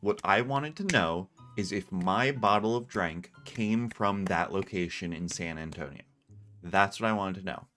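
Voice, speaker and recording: Male streamer, low voice, faint music behind, rambling anecdotal delivery on earbud mic. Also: a little slow, pushed and bright. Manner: rambling, self-interrupting storyteller with frequent laughs. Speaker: livestream host. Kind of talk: casual chat over a game stream. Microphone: earbuds with headset mic.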